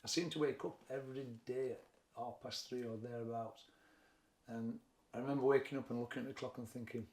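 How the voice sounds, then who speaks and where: A middle-aged man with a broad Sheffield Yorkshire accent speaks in a plain-spoken, candid way. His voice sits at an ordinary male pitch and carries some room echo. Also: fairly even intonation, a little fast, a little mellow. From Sheffield, England. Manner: frank, reflective, plain-spoken. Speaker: boxing trainer and former fighter. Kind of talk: candid interview storytelling. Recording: echoey room.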